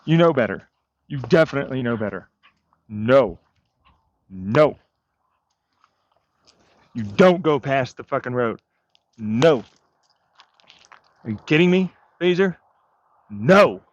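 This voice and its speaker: A man's voice: medium pitch, lively intonation, slow, long pauses, no room sound. A man vlogging outdoors while walking his dog, ranting in an agitated, profane way with bitter muttering. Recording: dull lo-fi dry sound.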